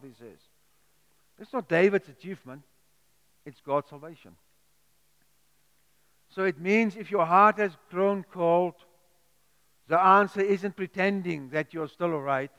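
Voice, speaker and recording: A man's voice: high-pitched, animated, a little slow, long pauses, fairly bright tone. A man preaching a sermon, earnest and pleading, often repeating and restarting his words. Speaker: pastor. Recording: echoey hall with long reverb.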